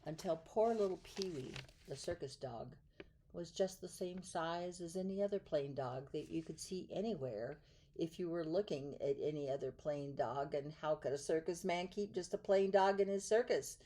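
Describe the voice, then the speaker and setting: A woman reading a picture book aloud in a gentle, soft way, drawing out some words. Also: low-pitched, a little hiss or hum. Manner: gentle, soft, drawn-out in places. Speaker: storyteller.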